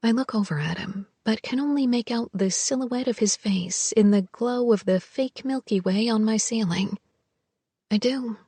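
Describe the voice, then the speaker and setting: A woman narrating a first-person romance audiobook in a soft, hushed, intimate way. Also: fairly high pitch, moderate pace, slightly rough, no room sound.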